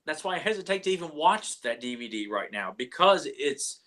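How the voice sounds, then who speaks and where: A man chatting on a podcast, his voice bright and forward and pitched a little high. He stumbles and repeats words as he goes, talking openly and sentimentally. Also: big pitch swings, a little fast. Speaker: podcast co-host. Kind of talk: casual chat.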